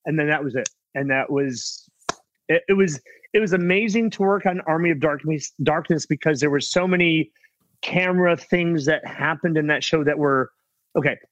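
A middle-aged man with a fairly high voice spins a loose, rambling anecdote from a film set. He restarts often and slips in quick impressions of others. The sound is close and completely dry. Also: fairly bright tone, no echo, lo-fi sound. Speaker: guest actor telling set stories. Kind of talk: casual anecdotal storytelling.

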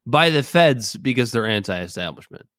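A man's voice: mid-range voice, sing-song, moderate pace, fairly bright tone, no echo, studio quality. A man co-hosting a casual political podcast, talking bluntly with profanity and jokes. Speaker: podcast co-host.

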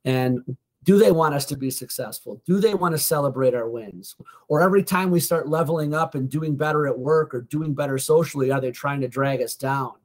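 A man's voice: on the high side, fairly quick. A man, a guest author and motivational speaker, frankly and earnestly telling a personal story in a podcast interview, now and then with a swear word.

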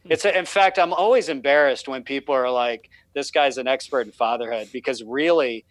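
A man's voice: medium pitch, fairly quick, dry recording, poor audio. A man talking on a podcast, telling a fatherhood story in a rambling, self-deprecating way with many restarts. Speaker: podcast guest, fatherhood writer. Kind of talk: casual podcast conversation.

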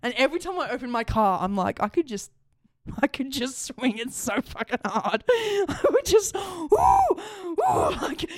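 A woman's voice: fairly high pitch, big pitch swings, normal speed, no echo, clean studio sound. A young woman telling a story in casual chat, laughing often and swearing. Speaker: podcast co-host.

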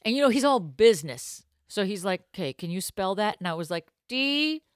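A woman co-hosting a casual comedy podcast, talking in quick, jokey bursts that swing into loud excitement. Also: mid-range voice, no echo, studio quality. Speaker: podcast co-host.

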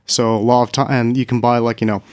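A man's voice: mid-range voice, level tone, fast, a little mellow. A laid-back man chatting casually, his speech loose and full of filler words. The sound is dry and close, with no room echo. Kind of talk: casual chat.

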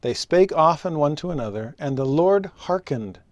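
Man, scripture teacher, animated storyteller, solemn verse reading, fairly high voice, dry sound. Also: moderate pace, no room sound. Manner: expressive, rises in pitch for rhetorical questions. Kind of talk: scripture lesson with personal stories.

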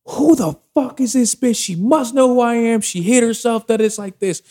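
A shrill, outraged young woman bursts out in a high, pitched-up voice, cursing and demanding answers, as a man puts her on. She is a jealous ex-girlfriend in a fury, with every phrase sharp with anger. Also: moderate pace. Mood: furious.

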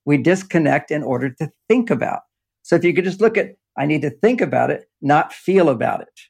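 Older man, gravelly and husky. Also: fairly high pitch, expressive, brisk, darkish tone. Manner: rambling, explanatory, laughs often. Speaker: relationship author and guest. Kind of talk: casual conversational interview. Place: underground home office.

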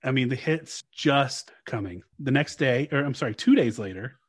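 A man's voice: medium pitch, lively intonation, moderate pace, slightly rough, no room sound, clean studio sound. Man hosting a casual history chat. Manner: reads archival quotes aloud, laughs often. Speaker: podcast host.

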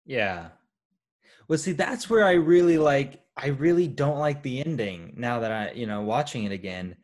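A man co-hosting a casual chat about a movie, animated and rambling with lots of fillers and restarts. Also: medium pitch, normal speed. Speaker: podcast co-host.

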